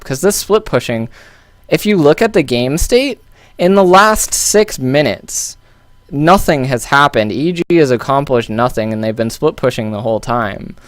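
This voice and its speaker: Guy talking through a game replay, smooth clear voice, dry close mic, lots of ums. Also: medium pitch, animated, normal speed, no room sound. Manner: loose and thinking aloud, with many fillers and restarts. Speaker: game analyst. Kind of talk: casual game analysis commentary.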